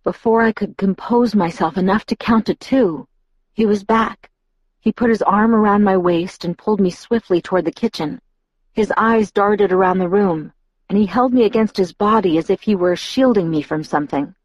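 A woman narrating a novel aloud in a measured, even reading. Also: medium pitch, no room sound. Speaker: audiobook narrator. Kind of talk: audiobook narration.

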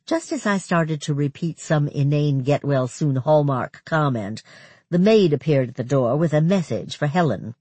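An audiobook narrator reads a first-person novel in an expressive storytelling manner. The voice is husky and breathy, with a lively, wide-ranging pitch, recorded close and dry. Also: moderate pace, no room sound.

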